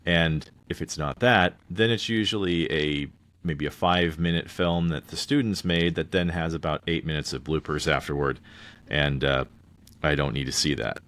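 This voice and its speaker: A man's voice: rumbling low, fairly even intonation, moderate pace, a bit bright. A man in his thirties co-hosting a podcast, chatting casually about a film and rambling with frequent restarts. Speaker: podcast co-host. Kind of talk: casual movie review chat.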